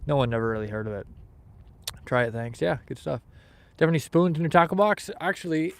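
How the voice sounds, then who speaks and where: A man's voice: a little high, fairly even intonation, fairly quick, creaky, dry recording. A man from Canada hosting a fishing livestream outdoors in the snow, chatting casually with viewers and reading their comments aloud in an easygoing, rambling way.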